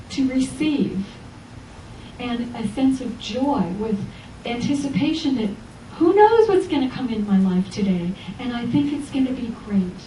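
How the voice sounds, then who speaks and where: Dark-voiced woman lecturing in an echoey hall. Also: fairly high pitch, a little hiss or hum. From Los Angeles. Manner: animated storytelling, acting out quoted voices. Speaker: spiritual teacher giving a Sunday lecture. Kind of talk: inspirational church lecture. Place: church hall. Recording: echoey church hall from far off.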